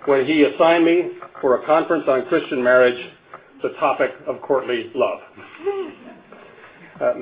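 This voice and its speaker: An older man from Canada giving a conference lecture, a wry storyteller who chuckles at his own jokes and stumbles over restarts. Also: a little high. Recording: phone-like narrow band.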